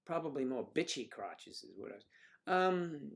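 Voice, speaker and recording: A man's voice: on the high side, big pitch swings, moderate pace, vocal fry. A middle-aged man hosting a casual livestream, joking and chatting with viewers and reading out their comments. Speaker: livestream host.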